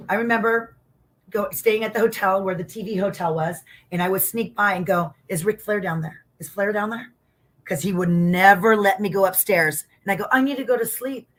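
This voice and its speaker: At a moderate pace and in a mid-range voice, the middle-aged ex-wrestler recounts stories during a casual interview. She's animated, acts out what people said, and swears casually.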